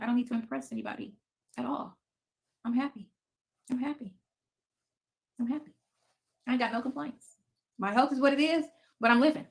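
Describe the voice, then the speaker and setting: Her voice is a little high and gravelly, moving at a fairly quick clip but broken by long pauses. She's a woman in her fifties hosting a casual basement livestream at home, firing back at viewer comments with blunt, profane defiance.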